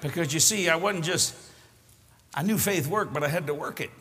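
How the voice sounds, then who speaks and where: An older man preaching a sermon, fervent and folksy, often shouting as he tells stories. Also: on the high side, normal speed. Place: large church hall with congregation. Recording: echoey live hall recording with crowd and noise.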